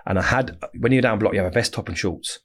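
A man's voice: on the low side, fast talker, a bit bright. A man, bluntly telling his story in a casual interview, swearing often and rambling. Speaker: interview guest.

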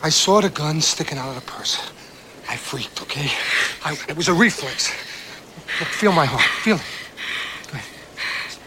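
An actor playing a panicked middle-aged cop in a film clip, muttering frantic curses and pleading. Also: male voice, a little high, lively intonation, normal speed, long pauses, very noisy, close to an everyday voice. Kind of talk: film clip played on a podcast.

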